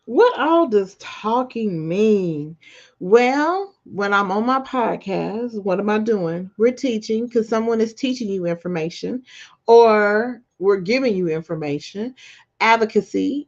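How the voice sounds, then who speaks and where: A woman, hosting a podcast and giving a casual, animated motivational talk with quick asides. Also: medium pitch. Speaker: podcast host. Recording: dull lo-fi recording.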